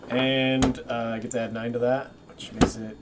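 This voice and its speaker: A man's voice: mid-range voice, level tone, normal speed, very noisy. Joking male player at a game table. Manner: joking, playful, asks lots of questions. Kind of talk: casual tabletop game chat.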